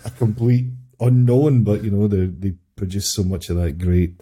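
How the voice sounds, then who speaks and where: A man hosts a laid-back podcast conversation, chatting casually and laughing easily. His voice sits low, with a very dark and husky tone. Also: normal speed. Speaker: podcast host. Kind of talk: casual chat.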